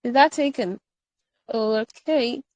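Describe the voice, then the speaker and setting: A young woman runs a live English grammar workshop. She talks in a fairly high voice, animated and playful, and keeps repeating example sentences. The sound is dry and close. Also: takes it slowly, no room sound, rough recording.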